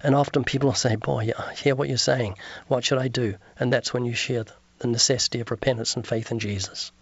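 A man's voice: medium pitch, fairly even intonation, brisk, gravelly, slightly rough, dry recording, highs cut off. A man, an evangelist guest on a radio interview, preaching earnestly, quoting scripture and acting out street conversations.

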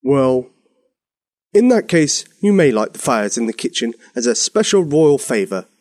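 A man's voice: mid-range voice, big pitch swings, unhurried, a little mellow, no echo, clean studio sound. A man playing a grumpy, bossy storybook king. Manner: huffy, commanding, spluttering.

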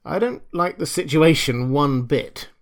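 A man's voice: fairly high pitch, lively intonation, a little slow. A man voicing Chuck, a nervous and urgent young computer engineer, in an audiobook reading. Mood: uneasy.

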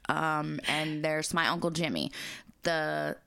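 A woman's voice: low voice, steady tone, slow pace, gravelly, pushed and bright, smooth, no room sound. A woman co-hosting a casual podcast, swearing freely as she tells family stories. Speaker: podcast co-host. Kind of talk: casual chat.

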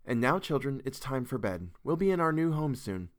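A man voicing a weary, exasperated young mother who talks softly and sighs. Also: mid-range voice, very animated, normal speed, lightly acted. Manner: sighing and soft.

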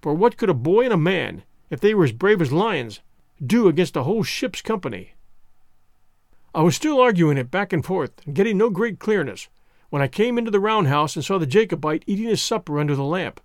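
A man narrating a classic adventure novel in the first person, expressive and storytelling. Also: sits high, a little fast, no room sound, clean studio sound. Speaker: audiobook narrator.

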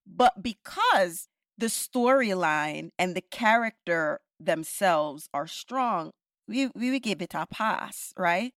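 Opinionated woman, low voice. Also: takes it slowly, dry recording, clean studio sound. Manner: animated, opinionated, frequent "right?" tags. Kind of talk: casual discussion.

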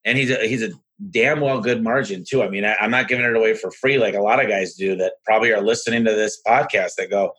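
A man hosting a podcast and telling business stories in an energetic, frank, rambling way. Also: on the low side, quick pace, hardly any pauses, slightly rough. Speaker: podcast host and business owner. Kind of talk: casual conversational storytelling.

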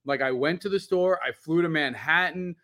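Male podcast co-host with a slightly raised voice, rambling and animated, swears casually. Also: on the high side, normal speed. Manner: animated, rambling storyteller with lots of "like". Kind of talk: casual chat.

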